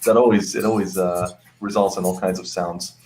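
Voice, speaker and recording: A man's voice: low voice, fairly even intonation, a little fast, a little mellow, slight background noise. A man co-hosting a casual stream chat, giggly and often laughing through his lines. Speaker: stream co-host.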